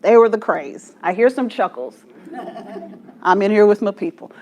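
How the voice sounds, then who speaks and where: Lively woman leading a church group. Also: medium pitch, measured pace. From Texas, USA. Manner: animated, laughs often, self-mocking humor. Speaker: church study group leader. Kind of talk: storytelling talk to a group.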